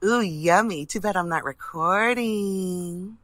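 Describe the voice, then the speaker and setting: A woman's voice: fairly low pitch, takes it slowly, a bit bright, no echo. A woman calling in, mocking and taunting the host, often laughing at him. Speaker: caller. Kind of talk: heated phone argument.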